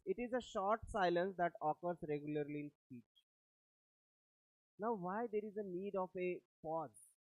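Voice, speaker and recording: A male lecturer with an Indian English accent explains points step by step, often asking his class whether they understand. His voice sits a little high. The recording is dry and tinny, close to a phone line. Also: dry recording.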